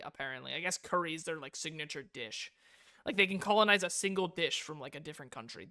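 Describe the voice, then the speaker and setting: A man's voice: on the high side, sharp tone, clean tone. A young man from the United States streaming a visual novel, reading it aloud and joking with lots of swearing. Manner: profane, joking, reads game text aloud. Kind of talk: casual gameplay commentary.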